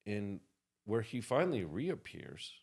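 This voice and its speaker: A man telling an anecdote as a podcast guest, animated and acting out the people in his story. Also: fairly low pitch, a little slow, gravelly, breathy edge.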